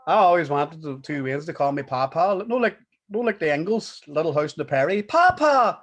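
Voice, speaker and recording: A man, co-hosting a casual podcast from home, swearing freely and breaking into loud laughter. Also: a little high, fairly quick. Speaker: podcast co-host. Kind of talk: casual chat.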